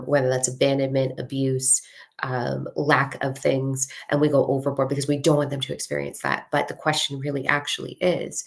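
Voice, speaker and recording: A woman spiritual coach talking casually and frankly to a live audience, swearing freely and slowing down to read a mantra. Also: a bass voice, creaky. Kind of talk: casual livestream talk.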